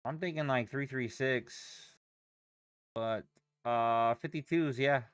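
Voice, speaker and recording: A man's voice: mid-range voice, takes it slowly, a bit bright, smooth, no room sound, studio quality. A young man chatting casually on a live trading stream, swearing and rambling as he reacts to chat and charts. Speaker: livestream day trader.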